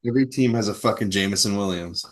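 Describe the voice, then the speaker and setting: Crude joking man with a lowish voice. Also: fast. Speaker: podcast co-host. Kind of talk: casual chat.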